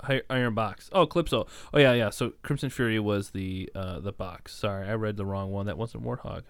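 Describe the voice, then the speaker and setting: A man's voice: fairly low pitch, brisk, smooth, no room sound. A young man co-hosting a casual podcast, reading game endings aloud and often laughing and apologizing. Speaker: podcast co-host.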